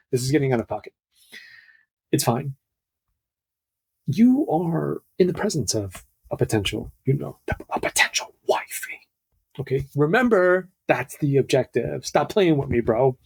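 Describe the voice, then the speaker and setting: Young guy podcast host, gravelly husky voice, rambly and jokey, keeps cutting himself off. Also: a little high, big pitch swings, normal speed. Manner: rambling, jokey, self-interrupting. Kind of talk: casual podcast monologue.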